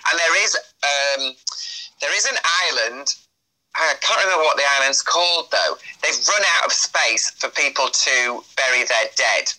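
A man's voice: medium pitch, lively intonation, normal speed, pushed and bright, poor audio. A man chatting as an interview guest, rambling with many fillers and restarts. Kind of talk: casual interview chat.

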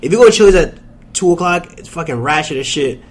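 Laughing young man telling a story. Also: fast. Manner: animated, laughing storyteller, drops into low mutters when quoting. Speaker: podcast co-host. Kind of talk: casual storytelling chat.

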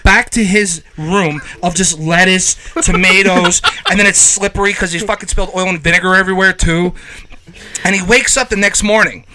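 Bright-voiced man telling a profane story. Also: sits high, steady tone, normal speed, a little hiss or hum, rough recording. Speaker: podcast co-host. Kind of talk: casual storytelling chat.

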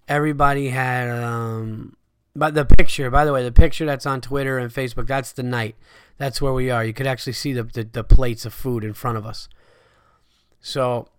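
A man hosting a podcast, telling a story casually, animated and swearing freely, loudly acting out his friends' lines. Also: medium pitch, clean tone, no room sound, studio quality. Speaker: podcast host.

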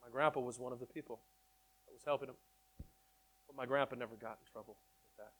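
A man telling his testimony in an animated storytelling way, excitable and repeating words in quick bursts. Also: medium pitch. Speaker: speaker sharing his testimony.

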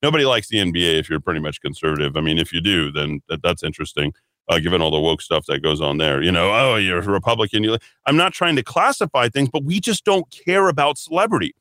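A man's voice: sits low, fast, bright, forceful tone, dry recording, clean studio sound. A man hosting a political talk radio show, rambling and emphatic, calling his listeners folks and breaking into sarcastic asides. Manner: frequent restarts and sarcastic asides.

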